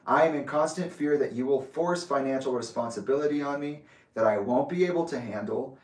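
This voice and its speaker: A man reading his own letter aloud with asides, in a measured, deliberate way. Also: mid-range voice, darkish tone. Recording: roomy echo, distant from mic.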